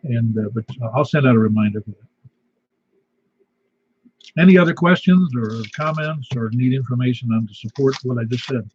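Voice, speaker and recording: A man's voice: mid-range voice, normal speed, pauses often, darkish tone, slight background noise. A man with a slight lisp, hosting a casual amateur radio net with rambling announcements. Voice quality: slight lisp from a missing tooth. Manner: folksy, rambling announcements with fillers. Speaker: net control host. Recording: dull lo-fi radio audio.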